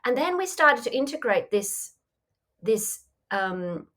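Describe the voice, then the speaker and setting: A woman's voice: on the high side, big pitch swings, slow, a bit bright. A woman coach answering interview questions in a reflective, conversational way, often saying "you know". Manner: reflective, acts out inner voices in quotes, frequent "you know". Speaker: mindfulness coach, podcast guest.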